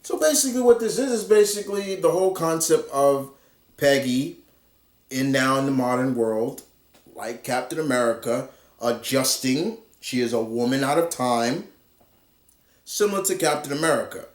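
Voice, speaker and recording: A man's voice: medium pitch, normal speed. A man casually reviewing a comic book, rambling with lots of fillers and restarts. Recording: roomy echo.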